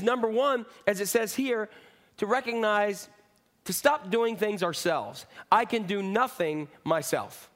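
A middle-aged man delivers a sermon, talking to his congregation in a loose, conversational way. His voice sits a little high for a man, and he drifts into jokes and side stories before coming back to his point. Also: a bit bright. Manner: conversational, rambling with asides and jokes. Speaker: pastor.

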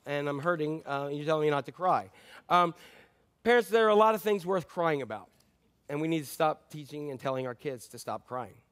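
This male pastor delivers his sermon conversationally, with lots of ums and key phrases said again and again. He alternates forceful, loud statements with soft, low-voiced asides.

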